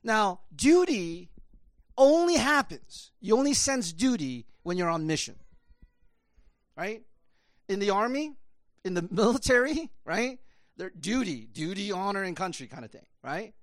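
A man's voice: sits high, sing-song, unhurried, no room sound, clean studio sound. A man preaching a conversational sermon, rambling with many fillers. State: choked up, emotional. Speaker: pastor.

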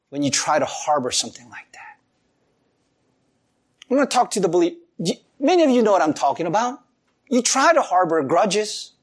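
Animated preaching man, lively pitch. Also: husky. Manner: animated preaching with laughs and acted-out quotes. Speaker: pastor. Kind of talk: sermon.

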